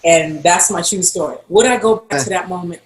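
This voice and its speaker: A woman's voice: on the low side, brisk. A woman guest on a podcast interview, telling a story and acting out the quoted dialogue. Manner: animated, acts out quoted dialogue. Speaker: podcast guest, costume designer. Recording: roomy echo.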